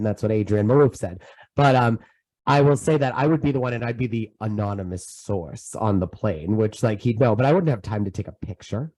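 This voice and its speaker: Animated male podcast co-host. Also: lowish voice, low-quality recording. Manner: animated, emphatic gossiping. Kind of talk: casual chat.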